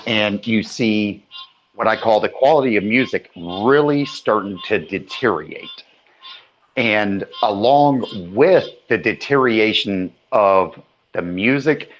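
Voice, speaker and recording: A low-pitched man talks at a very unhurried pace, offering blunt opinions with casual cursing. His voice sounds slightly dull and muffled, like a lo-fi recording. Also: animated, a little hiss or hum. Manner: slow, opinionated, casual swearing. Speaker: podcast host. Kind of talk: casual podcast chat.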